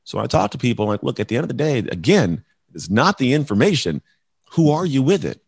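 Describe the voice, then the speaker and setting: With a medium-pitched, gravelly voice that has a breathy edge, this coach and speaker appears as a guest and talks fairly quickly and very animatedly. He's emphatic, acts out dialogues with clients and says "bro," and the studio recording is clean with no echo.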